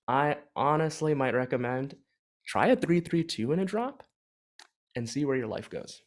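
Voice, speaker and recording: A man leading a beatboxing workshop in a casual, energetic teaching style, full of fillers and restarts, speaking into his own microphone. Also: mid-range voice, moderate pace. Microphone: own microphone with adjustable gain.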